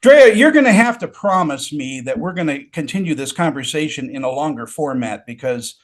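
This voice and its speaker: A man's voice: fairly high pitch, expressive, normal speed, a little hiss or hum. A man hosting an interview over a video call, eager and agreeable, with frequent restarts. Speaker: interview host. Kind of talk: casual interview.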